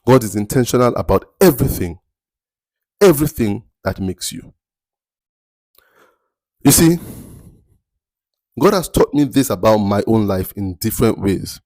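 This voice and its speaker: A man with a Nigerian accent hosting a faith-based motivational podcast, speaking slowly and deliberately and repeating words for emphasis. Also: lowish voice, lively intonation, a little mellow, no echo, clean studio sound. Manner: slow, deliberate, picks words carefully with emphatic repetition. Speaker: podcast host.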